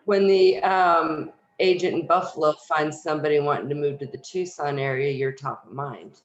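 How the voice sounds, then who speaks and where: A woman's voice: low-pitched, fairly even intonation, moderate pace, echoey room, highs cut off, a little hiss or hum. A woman in a training class, taking part in a role-play as a home seller and answering in a hesitant, casual way. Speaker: class participant playing a seller.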